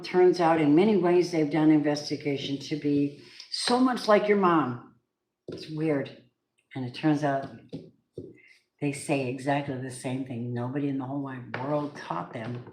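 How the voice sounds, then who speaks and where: A woman giving a casual, excitable tarot reading, chatting to viewers and reacting with gasps and laughs. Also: deep voice. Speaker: tarot reader. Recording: echoey room with faint noise.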